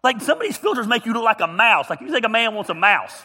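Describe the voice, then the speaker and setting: A man's voice: high-pitched, sing-song, fast talker, sharp tone, husky. A man preaching a humorous, storytelling sermon as a pastor, joking and teasing his congregation. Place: church auditorium.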